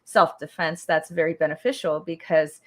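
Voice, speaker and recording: A woman's voice: low-pitched, steady tone, moderate pace. A woman hosting an interview, encouraging her guest and often affirming what he says. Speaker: interviewer, channel host. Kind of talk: casual interview chat.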